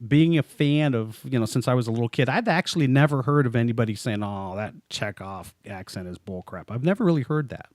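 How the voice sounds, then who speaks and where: A man's voice: medium pitch, lively intonation, quick pace, hardly any pauses, a little mellow, dry recording, clean studio sound. A man co-hosting a podcast in casual, chatty talk, joking and laughing often as he goes. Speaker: podcast co-host.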